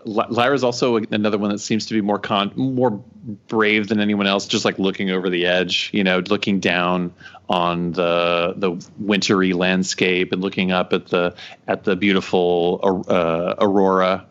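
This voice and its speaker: A man from Texas with a low voice chats casually about a book, rambling and joking, often restarting his sentences. The audio is dull and lo-fi. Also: little pitch movement, moderate pace, a bit bright. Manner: rambling, with frequent restarts and jokes.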